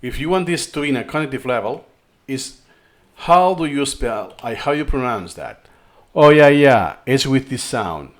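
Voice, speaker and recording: This man's lively, medium-pitched voice moves at a normal speed as he explains a learning tutorial over a screen recording. He's from Spain, a native Spanish speaker with a Spanish accent, and he thinks out loud, often repeating himself.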